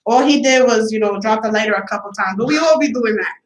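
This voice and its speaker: New woman hosting her podcast, kinda high voice, cussing and laughing, a bit out of breath, echoey room. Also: fast. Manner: loose, profane, laughing storytelling. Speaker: podcast host. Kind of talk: casual chat. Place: room with friends.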